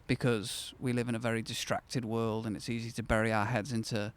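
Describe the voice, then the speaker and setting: A man's voice: medium pitch, flat delivery, fairly quick, clean tone. A man in his thirties, the host of his own channel, telling a personal story to camera in a candid, conversational way that turns reflective and then bursts with enthusiasm.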